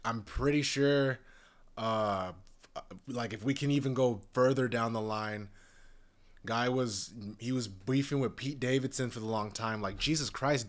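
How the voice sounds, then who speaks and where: A man's voice: medium pitch, fairly bright tone. A young man in a casual, profane, rambling rant, talking in an exasperated way. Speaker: commentator.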